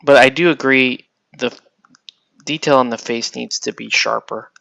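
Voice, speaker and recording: In a gravelly, mid-range voice at a moderate pace, a man offers casual painting-tutorial talk as he works on a miniature. He stays relaxed, thinks out loud, and lets sentences trail off; no room sound is audible.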